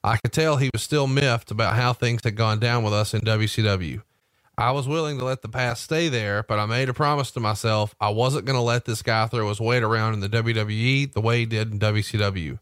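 A man's voice: on the low side, brisk, no room sound. Wry man reading aloud, dry close mic. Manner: steady read-aloud delivery with wry asides. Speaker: podcast host. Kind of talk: reading a memoir aloud and asking questions.

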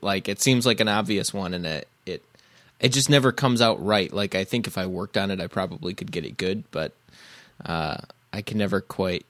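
A man's voice: deep voice, normal speed, fairly bright tone, no room sound. A man in easygoing casual chat, laughing often and hesitating with fillers.

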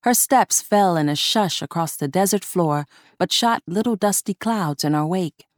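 A woman narrating a horror short story in a measured, deliberate reading. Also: fairly low pitch, no room sound, studio quality.

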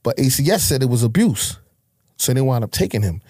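A man's voice: mid-range voice, sing-song, a little fast, dark tone, husky, dry recording, studio quality. A man, telling his life story as a guest in a blunt, profane, emotional way. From Harlem, New York. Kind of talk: candid life-story interview.

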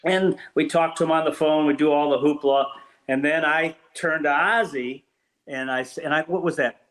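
An older man recalls old times as an interview guest, his voice sitting a little high for a man. He tells his stories with animation, often restarting his sentences as he goes. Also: moderate pace, low-quality recording. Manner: animated storyteller with many restarts. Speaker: former team PR executive, guest. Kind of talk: storytelling anecdotes in an interview.

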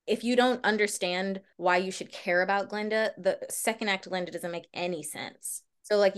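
A woman guest on a podcast interview chatting casually, animated and reflective, often laughing. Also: lowish voice. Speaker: guest, Broadway actress.

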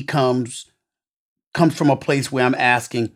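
A man's voice: medium pitch, fairly even intonation, slow pace. A man hosting an interview who makes frequent short acknowledgements and asks long, emphatic questions that build in energy. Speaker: interview host. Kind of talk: interview conversation.

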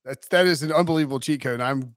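A man hosting a sports talk show, chiming in with quick, upbeat remarks in casual chat. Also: mid-range voice, no echo, clean studio sound. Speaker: host.

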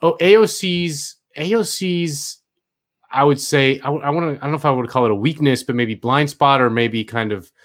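Halting, rambling middle-aged man. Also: fairly high pitch. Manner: halting, repeats words, chuckles. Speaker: podcast co-host. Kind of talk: casual political chat.

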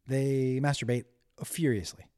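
A man of ordinary pitch talks to his listeners in a loose, unscripted monologue. He rambles from one crude anecdote to the next and pokes fun at himself. His casual delivery keeps wandering off topic. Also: steady tone, unhurried, a little mellow, clean tone. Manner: rambling, digressive, self-deprecating, crude humor. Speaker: solo podcast host.

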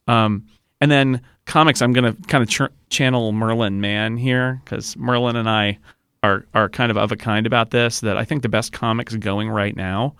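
A man's voice: mid-range voice, steady tone, normal speed, fairly bright tone, clear, resonant tone, no room sound. A man guesting on a podcast, chatting casually and rambling with restarts. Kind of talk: casual chat.

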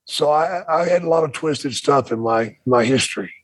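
A man's voice: fairly high pitch, moderate pace, slightly rough, dry recording. A man on a podcast talking candidly and reflectively in casual conversation. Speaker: podcast co-host.

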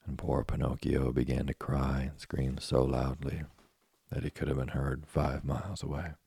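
A man narrating a classic tale as a bedtime story, in a steady, soothing manner. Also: extremely low pitch, normal speed, no echo. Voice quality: gravelly, husky. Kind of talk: slow bedtime story reading.

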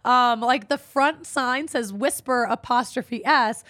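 A woman co-hosting a podcast, hoarse from singing, telling stories with a chatty, laughing manner. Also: a little high, slow, fairly bright tone, dry recording, studio quality. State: hoarse after karaoke. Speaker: podcast co-host. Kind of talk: casual chat.

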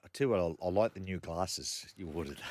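A man's voice: sits low, animated, fast talker, heavy background noise. Joking Australian man hosting a sports show. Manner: chatty, joking, many fillers. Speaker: radio sports show host. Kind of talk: casual sports chat. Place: small studio.

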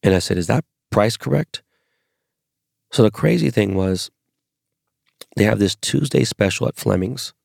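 A man with a low, heavily gravelly voice tells a rambling, profanity-laced story in a casual monologue. The sound is close and dry. He comes from Los Angeles and talks like a podcast host chatting with his listeners. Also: unhurried, long pauses, a little mellow, dry recording.

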